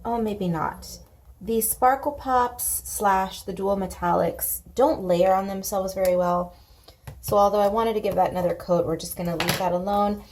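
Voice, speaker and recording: A woman's voice: medium pitch, fairly even intonation, moderate pace, a little mellow. A woman casually chatting at home as she colors on camera, playful and chatty. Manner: chatty and playful, baby-talks to her pet. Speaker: coloring video creator. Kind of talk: casual chat while coloring. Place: home room.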